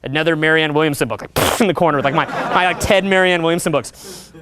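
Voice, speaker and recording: Profane, energetic man lecturing a crowd. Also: fairly high pitch, fast. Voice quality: profane, energetic, chatty, keeps checking in with the crowd. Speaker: dating coach at a seminar. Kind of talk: live seminar talk to an audience.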